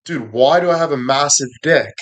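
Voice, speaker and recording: A man putting on a shrill, panicked young guy. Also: fairly bright tone, natural voice. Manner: shrill, frantic, drawn-out exclamations. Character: panicked young man freaking out after a body swap.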